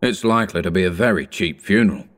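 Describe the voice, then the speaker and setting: A man's voice: low voice, quick pace, close to an everyday voice. A man voicing a fat, bored male merchant from a storybook, speaking in offhand, drawling banter.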